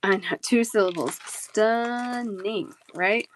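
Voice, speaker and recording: Speaking slowly in a mid-range voice, a woman hosts a live bead sale with a little hiss or hum in the recording. She's chatty, reading out viewers' comments and answering them while rattling off prices and sizes in a casual stream.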